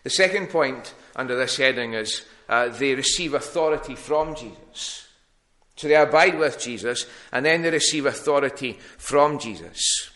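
A man's voice: mid-range voice, lively intonation, normal speed, fairly bright tone. A man preaching a sermon in a plain teaching tone, with frequent ums and restarts.

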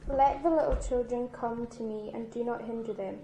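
A woman's voice: on the high side, fairly even intonation, moderate pace, mellow. Woman reading a verse in an echoey church. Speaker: scripture reader. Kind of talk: reading a Bible verse aloud. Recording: echoey church room with faint noise.

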